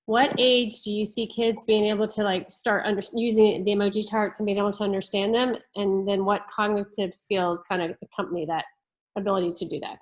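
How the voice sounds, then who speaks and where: A woman moderating a parents' talk, reading audience questions in a measured, slightly halting way. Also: mid-range voice, level tone, poor audio.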